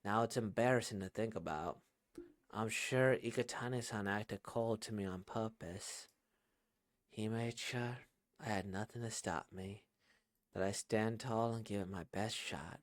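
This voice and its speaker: A man reading manga aloud in his own soft, quiet voice for a shy young woman racer. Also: fairly low pitch, unhurried, no echo, pitched below the performer's own voice, lightly acted. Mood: reflective.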